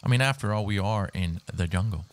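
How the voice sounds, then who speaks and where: A young man giving excitable, swearing commentary while he plays a video game on a headset mic. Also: on the low side, a little fast. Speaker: gaming YouTuber. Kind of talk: live gameplay commentary. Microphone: gaming headset.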